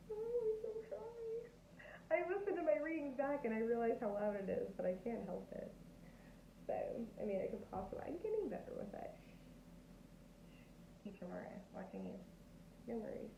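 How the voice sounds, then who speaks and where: A woman's voice: on the high side, warm tone. A woman giving a casual tarot reading, bubbly, laughing often and acting out quoted reactions. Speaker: tarot reader. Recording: echoey, tinny phone-like sound with faint noise.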